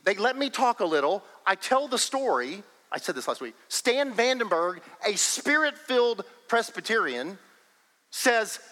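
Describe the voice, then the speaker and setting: A man preaching a sermon as pastor, emphatic and animated, often breaking into laughter. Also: high-pitched, moderate pace, in a large hall, low-quality recording.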